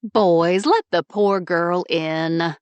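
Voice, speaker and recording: A woman voicing a cheerful, bossy middle-aged mother who gives orders in a lively way. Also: lowish voice, extremely slow, smooth, dry recording, dull audio. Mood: welcoming. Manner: bustling, commanding, lively.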